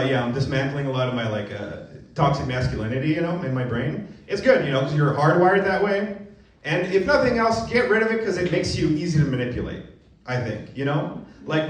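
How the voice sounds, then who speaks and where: A young man doing a self-mocking stand-up comedy set, jumping into acted voices and going from mumbled asides to loud punchlines. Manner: animated, self-mocking, jumps into high-pitched acted voices. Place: comedy venue with a live audience. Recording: roomy, distant live club recording with crowd laughter. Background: audience laughing.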